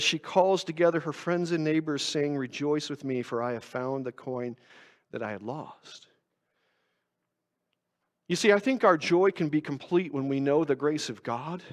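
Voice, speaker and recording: A man preaching a sermon in a conversational, self-mocking way, asking his congregation rhetorical questions. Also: on the high side. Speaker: pastor. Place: church sanctuary. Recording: long church reverb.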